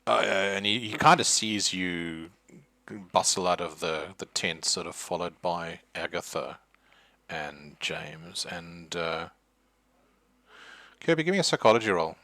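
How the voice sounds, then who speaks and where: A man's voice: low-pitched, measured pace, bright, forceful tone, no echo. A man narrating as game master, loose and hesitant with many fillers. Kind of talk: narrating a tabletop horror game.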